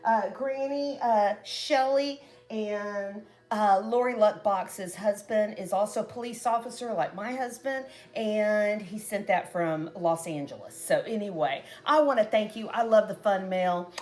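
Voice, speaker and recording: A middle-aged woman from Texas with a Texan accent, chatting casually to viewers as a craft and cooking vlogger with animated storytelling. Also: medium pitch, unhurried, hardly any pauses.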